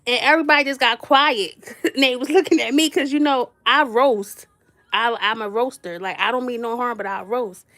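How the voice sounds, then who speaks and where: A woman with a high voice tells a comic story from her own life. She talks in a chatty, slangy way, speaks straight to her listeners and breaks into laughter often as she teases. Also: moderate pace. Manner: animated, laughs often, playful roasting. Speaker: vlogger telling a story.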